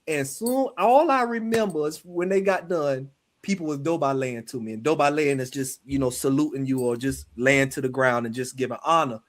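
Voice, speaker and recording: High-voiced man telling a spiritual story. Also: a little fast. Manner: animated, slips into quoted voices. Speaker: guest, spiritual practitioner. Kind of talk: personal storytelling in conversation.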